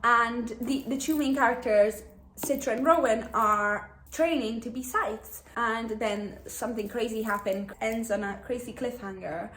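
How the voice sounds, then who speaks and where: A woman's voice: on the high side, measured pace, a bit bright, a little hiss or hum. Chatty young woman in an echoey room. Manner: chatty and rambling, many "like" fillers, laughs often. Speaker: book vlogger. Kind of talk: casual chat.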